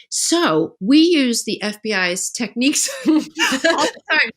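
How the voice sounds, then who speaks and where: A middle-aged woman talking casually as a guest author on a podcast, telling animated stories and acting out the lines of other people. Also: high-pitched, slow. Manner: animated storytelling, acts out quoted dialogue.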